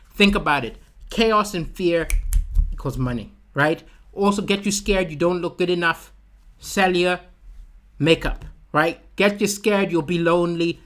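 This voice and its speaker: A man from Malawi doing stand-up comedy on a livestream, telling animated stories and using vocal sound effects while he talks to his chat. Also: on the high side.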